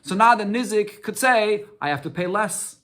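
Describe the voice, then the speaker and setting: A man's voice: high voice, animated, moderate pace, a bit bright. A man teaching a daily Talmud lesson, reading short Aramaic phrases and explaining them step by step, often repeating words and asking and answering his own questions.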